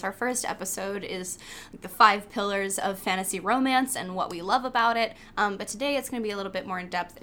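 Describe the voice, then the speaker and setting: Young female co-host, bright edge, upbeat chatty delivery, casual swearing. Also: fairly high pitch. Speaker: podcast co-host. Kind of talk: casual podcast chat.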